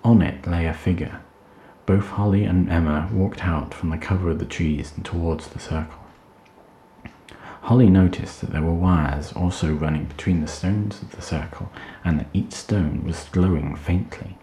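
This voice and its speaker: A man reading fiction aloud at a steady, measured pace. His voice is deep, with a dark, mellow tone. The room around him gives a noticeable echo. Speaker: storyteller. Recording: roomy echo.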